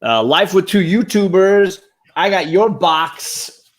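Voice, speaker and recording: A man on a casual live stream, giving enthusiastic shout-outs to the chat as a guest co-host. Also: high-pitched, lively intonation, takes it slowly.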